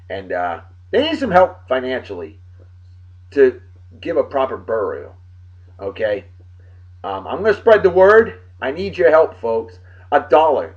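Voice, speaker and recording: A man hosting a casual vlog, giving loud shout-outs and stretching out names for emphasis. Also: medium pitch. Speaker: vlog host. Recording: dull lo-fi sound.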